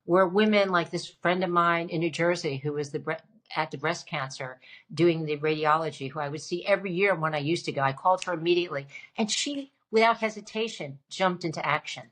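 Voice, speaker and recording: A middle-aged woman author telling her story in an interview, animated and emphatic, with frequent restarts. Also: on the low side, a little fast. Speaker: guest author. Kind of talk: conversational interview.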